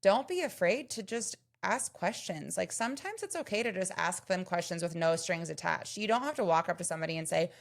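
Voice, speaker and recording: A woman with a gravelly, creaky edge and a fairly low voice gives encouraging advice as a podcast co-host. She speaks in relaxed, casual chat. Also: brisk, hardly any pauses.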